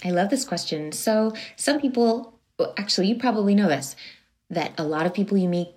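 A woman who coaches clients on voice and confidence, explaining her methods as an interview guest in an animated way and acting out what people think. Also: mid-range voice, brisk. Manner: animated, explanatory, acts out quoted thoughts.

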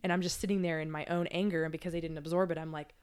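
Woman, low voice, smooth tone, candid, reflective, swears, chatty podcast guest. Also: flat delivery, racing, a little mellow. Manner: candid, reflective, swears freely, many fillers. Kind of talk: casual chat.

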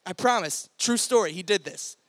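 Recorded dry, a high-pitched young adult man preaches to a youth group at a normal speed. As a youth pastor giving a sermon, he narrates energetically and voices the people in his stories.

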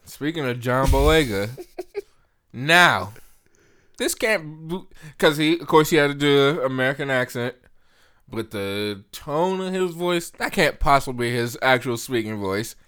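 A man's voice: mid-range voice, lively intonation, measured pace, fairly bright tone, clear, resonant tone. A man co-hosting a podcast, casually reviewing a movie and laughing often as he rants. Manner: laughs often while ranting. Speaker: podcast co-host.

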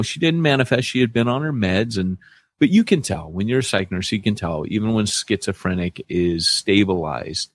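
A man co-hosting a podcast in casual chat, telling stories animatedly and acting out other people in a raised voice. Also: no echo. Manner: animated storyteller, acts out quoted people in a high voice. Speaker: podcast co-host, church planter.

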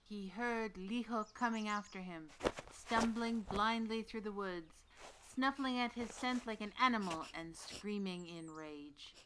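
A woman playing an old witch who narrates a folktale in a measured, deliberate way. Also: medium pitch, noisy background, natural voice. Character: old witch storyteller, knowing and dry. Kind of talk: scripted storytelling narration.

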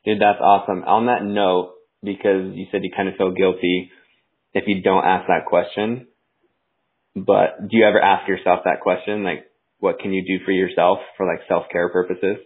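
Deep gravelly man on a tinny line. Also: flat delivery, moderate pace. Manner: laid-back, says "dude" and "like". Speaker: podcast host. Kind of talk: casual interview chat.

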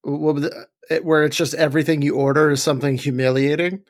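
少し高めの声で皮肉る男性ホスト. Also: male voice, a little high, steady tone, fast. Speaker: podcast co-host. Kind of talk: casual comedic chat.

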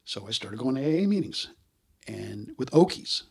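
A man in his sixties, a guest in an interview, telling stories in a casual, animated way and acting out the voices he quotes. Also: medium pitch, moderate pace, vocal fry, husky. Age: 60s.

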